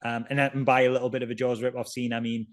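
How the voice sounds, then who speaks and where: This is a man on a relaxed podcast, mocking a low-budget horror film in a wry, dry way. He rambles and restarts his sentences, and his voice sits at an ordinary middle pitch. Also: fast. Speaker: podcast co-host. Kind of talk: casual film review chat.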